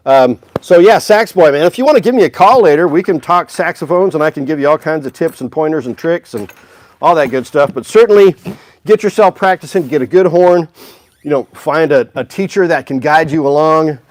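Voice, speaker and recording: A man's voice: a little high, brisk. A man hosting a casual music store livestream, upbeat and chatty, greeting viewers by name.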